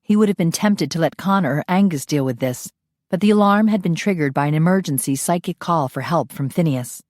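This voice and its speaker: A woman narrating a romance audiobook in a steady, unhurried, intimate reading. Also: sits low, dry recording, clean studio sound.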